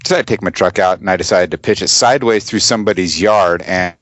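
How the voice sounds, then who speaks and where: A man in his forties, a podcast guest, telling blunt, profane stories in casual chat, getting animated when he quotes people. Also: deep voice, fast, dry recording, lo-fi sound. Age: 40s.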